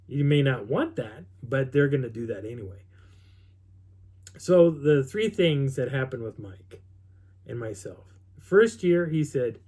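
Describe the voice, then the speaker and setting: A middle-aged man tells a long story in a loose, rambling way. He often restarts his sentences and slips into quoting people, and his voice sits at an ordinary middle pitch. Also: expressive, a little slow, a little mellow, husky. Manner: rambling, with many restarts and quoted dialogue. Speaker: vlogger recounting an outdoor experience. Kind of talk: casual storytelling.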